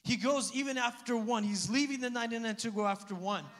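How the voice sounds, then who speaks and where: A man preaching a sermon in a conversational, animated way, with asides and light laughter. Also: very high voice, fast, long reverb tail. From Slavic family background. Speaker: pastor.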